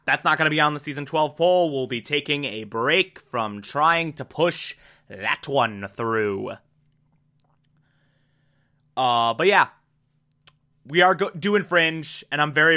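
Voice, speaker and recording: A man's voice: fairly high pitch, animated, moderate pace, bright, forceful tone. A man hosting a podcast, talking casually and rambling with lots of fillers, slipping into a mock southern drawl. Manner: chatty, rambling, frequent "uh" and "like". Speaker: podcast host. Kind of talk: casual solo announcement.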